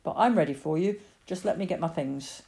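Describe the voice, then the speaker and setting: A woman reading the part of an old male poacher with rustic country speech, gentle but stubborn. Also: low voice, a little fast, vocal fry. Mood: sharp.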